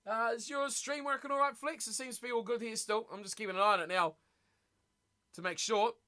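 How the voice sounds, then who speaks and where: A man hosting a live watch party stream, reacting excitedly to a rugby match and chatting with viewers. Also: very high voice, fairly quick. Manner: excitable, chatty, reads viewer messages aloud.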